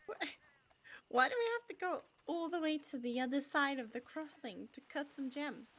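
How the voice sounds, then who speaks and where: A woman's voice: high voice, moderate pace, fairly bright tone. A woman roleplaying in a western game, practical and a little exasperated in casual in-character chat.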